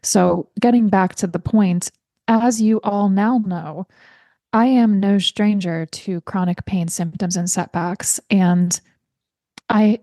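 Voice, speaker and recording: A woman hosting her own health podcast, speaking in an earnest, heartfelt way and guiding listeners through slow breathing. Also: medium pitch, steady tone, dark tone, no echo, studio quality. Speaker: podcast host. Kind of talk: podcast monologue.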